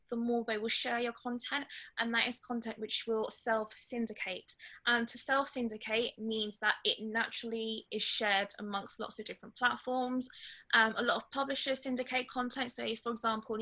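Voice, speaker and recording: A woman giving a webinar talk, blunt and straight to the point, sometimes loud. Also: fairly high pitch. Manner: lively, loud in places. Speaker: webinar guest speaker. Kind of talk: webinar talk on social media strategy.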